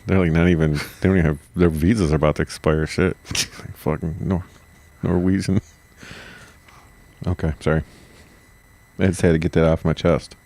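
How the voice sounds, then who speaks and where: A man's voice: low voice, steady tone, moderate pace, long pauses, warm tone. A man co-hosting a podcast, chatting casually with profane jokes, frequent laughter and goofy asides. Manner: joking, profane, laughs often, does goofy voices. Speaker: podcast co-host. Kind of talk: casual comedic podcast chat.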